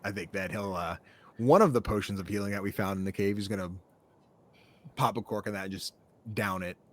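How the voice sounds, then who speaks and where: A man's voice: on the low side, fairly quick. A man playing in a tabletop game, chatting casually with jokes and swearing. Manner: joking, casual, swears freely. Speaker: player.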